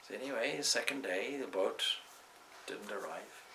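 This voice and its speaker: A man's voice: lowish voice, normal speed, pushed and bright, slight background noise, low-quality recording. A man, a swami, giving a spiritual talk indoors in a discursive way, weaving in stories and side remarks. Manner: discursive, with asides and restarts.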